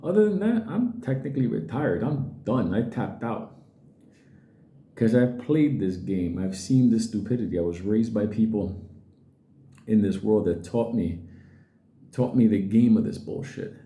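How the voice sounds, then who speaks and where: A middle-aged man talks straight to his viewers in a blunt, swearing rant and slips into quick impressions of other people. His voice is very dark and mellow, and it bounces around an echoey room. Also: lowish voice, lively intonation. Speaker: crypto video host. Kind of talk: casual profane rant to viewers.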